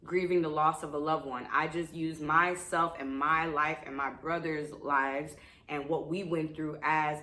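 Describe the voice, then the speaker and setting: Female author, casual heartfelt storytelling, slightly low pitch, roomy sound. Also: bright, forceful tone. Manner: emotional, chatty, many fillers. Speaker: children's book author. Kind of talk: casual personal story to camera.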